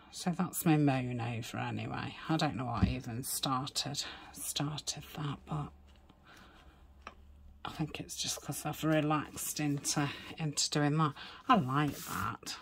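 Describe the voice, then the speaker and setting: A woman chatting casually while crafting, rambling with many fillers and dropping into soft whispered asides. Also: sits low, slow, creaky, slight background noise. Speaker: crafting vlogger.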